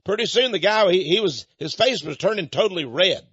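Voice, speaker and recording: A man's voice: high-pitched, animated, brisk, a bit bright, breathy edge, no room sound, dull audio. A man hosting a radio show, talking in an emphatic, mocking, storytelling monologue. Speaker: radio host.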